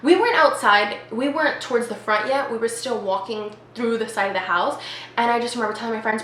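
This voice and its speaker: A woman's voice: a little high, fast, a bit bright. A young adult woman telling a casual storytime as a vlogger. She talks in a chatty way and says "like" a lot. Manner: chatty, heavy use of "like". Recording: echoey room with faint noise.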